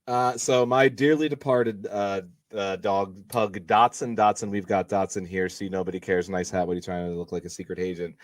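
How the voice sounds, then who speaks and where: Man telling a story in a low voice. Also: fairly even intonation, normal speed, hardly any pauses, no echo. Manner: chatty, storytelling. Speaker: co-host. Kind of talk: casual livestream chat.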